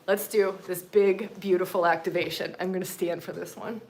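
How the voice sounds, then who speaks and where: A woman's voice: fairly low pitch, fairly even intonation, normal speed, hardly any pauses. Woman teaching in swinging whispers and bursts. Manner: swings between loud emphatic lines and hushed whispers; repetitive, profane and emphatic. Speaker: spiritual teacher hosting a live session. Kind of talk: impassioned spiritual teaching on a livestream.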